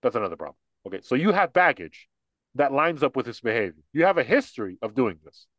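A man's voice: mid-range voice, sing-song, quick pace, a bit bright, no echo. Blunt rambling young man, dry sound. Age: young adult. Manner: blunt, rambling, lots of restarts and fillers. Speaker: podcast co-host. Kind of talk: casual political chat.

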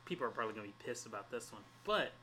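A man's voice: mid-range voice, very fast, a little hiss or hum. A man in his twenties, co-hosting a casual podcast chat, telling stories animatedly and swearing freely. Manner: animated storyteller, swears freely, acts out quotes. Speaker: podcast co-host.

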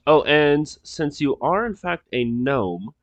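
A man's voice: a little high, animated, slow pace, no room sound, muffled recording. A man running a tabletop game as game master, narrating in a casual, rambling way with frequent laughs.

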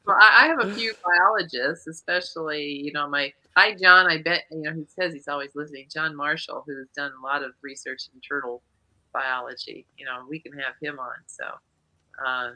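A woman's voice: deep voice, moderate pace, pushed and bright. A woman in her sixties from South Dakota, chatting casually as a guest on a video call and laughing often. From eastern South Dakota. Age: 60s. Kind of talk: casual chat.

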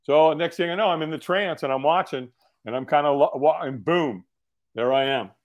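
A man as a podcast guest, telling a story in a casual, animated way, acting out other people's lines, laughing often and swearing now and then. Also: on the high side, moderate pace, highs cut off.

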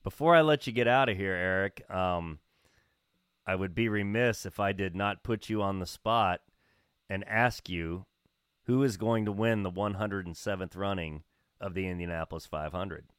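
A man hosting a podcast from a radio studio, speaking in measured, polished broadcaster phrasing. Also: sits low, a bit bright, clear, resonant tone, no echo. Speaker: podcast host. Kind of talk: casual chat.

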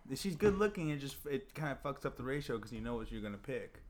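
A man's voice: mid-range voice, very animated, fast. A young man taking part in crude podcast banter, a little hesitant.

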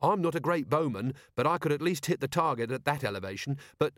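Voicing a polite, eager young watch captain who is earnest and dutiful, a male audiobook reader lifts his pitch above his own voice and acts the role lightly. The delivery is animated and quick, on the high side, with dry studio sound.

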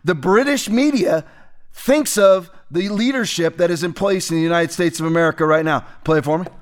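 A man's voice: fairly high pitch, a little fast. A man hosting a political commentary show, speaking emphatically and pointedly. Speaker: host.

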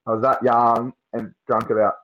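A man's voice: mid-range voice, little pitch movement, normal speed, highs cut off, crowd noise. A young Australian man chatting as a podcast guest, swearing freely and telling slangy stories. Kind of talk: casual chat.

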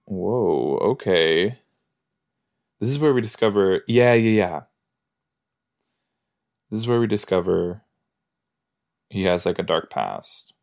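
A man's voice: deep voice, expressive, slow, vocal fry, long pauses, a little mellow. A man hosting a podcast, reacting casually and jokingly while watching an episode. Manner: chatty, joking, thinks aloud with fillers. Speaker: podcast host.

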